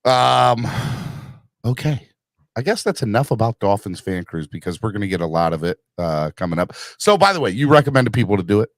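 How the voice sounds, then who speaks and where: A man's voice: lowish voice, sing-song, a little fast, no echo. A man from New York hosting a sports podcast, joking and playful in casual chat. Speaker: podcast host.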